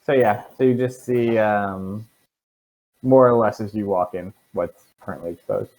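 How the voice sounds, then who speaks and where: A man running a tabletop game as dungeon master, relaxed and hesitant with fillers, over a voice call. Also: on the low side, a little slow, rough recording.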